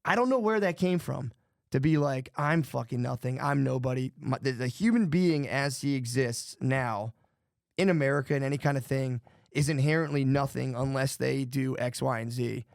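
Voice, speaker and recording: A man's voice: medium pitch, moderate pace, gravelly, no room sound, clean studio sound. A man co-hosting a podcast in casual chat, rambling and profane, jittery from too much coffee. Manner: rambling, profane, restarts often. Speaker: podcast co-host.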